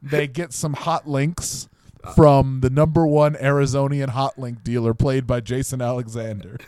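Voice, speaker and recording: A man's voice: medium pitch, steady tone, measured pace, darkish tone, clear, resonant tone, no echo. A man co-hosting a comedy podcast who tells absurd, playful stories in casual banter. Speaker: podcast co-host. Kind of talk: improvised comedy chat.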